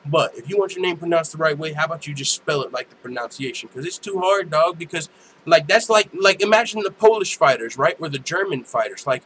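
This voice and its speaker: A young man riffs his way through a home live stream, casual and profane, laughing as he goes. His voice sits a touch high, and a faint hiss of background noise runs under him. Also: animated, a little fast, fairly bright tone, low-quality recording. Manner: loose, profane, laughs often. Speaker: host. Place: home room.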